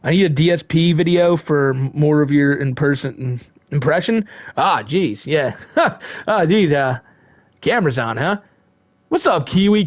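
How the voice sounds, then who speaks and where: Profane streamer man, fairly high voice. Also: no room sound. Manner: profane, rambling, laughs often. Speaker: live streamer reading chat. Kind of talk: casual live-stream chat.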